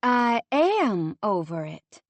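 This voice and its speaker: A woman's voice: on the high side, expressive, no room sound, pitched above the performer's own voice, lightly acted. A woman voicing a firm young woman ending a relationship, in an audiobook. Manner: firm, brisk, sometimes pleading.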